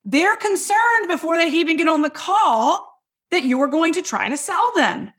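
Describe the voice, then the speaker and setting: A woman with a high voice teaches in a loud, hyped-up way. She is emphatic and keeps checking in with her listeners as she coaches them. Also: lively intonation, unhurried. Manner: talks straight to listeners with frequent checks like "right?" and "okay?". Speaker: business coach and podcast host. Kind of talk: energetic teaching talk.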